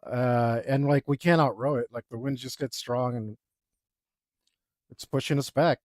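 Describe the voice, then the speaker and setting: A man's voice: mid-range voice, steady tone, a little slow, a little mellow, no echo, studio quality. A young man casually telling a rambling, self-deprecating story, with lots of fillers, while he draws. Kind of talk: casual anecdote while drawing.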